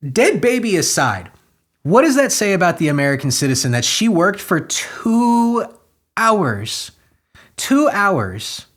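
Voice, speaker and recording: A man hosting a comedy podcast, reading news stories aloud and riffing on them with crude, sarcastic jokes and sudden loud outbursts. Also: on the high side.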